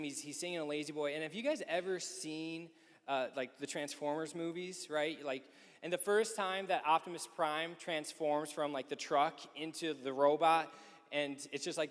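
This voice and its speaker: High-voiced man telling a story in a hall. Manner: lively storyteller who acts out quoted people. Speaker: speaker at a youth conference men's session. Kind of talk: storytelling talk. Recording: echoey hall.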